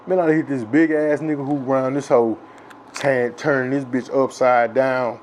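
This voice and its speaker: Man from texas, casual profane storytelling, rambling fillers, loud excited bursts, mid-pitched voice, faint hiss behind. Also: normal speed. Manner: grows loud and excited with laughs. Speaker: host telling a childhood story.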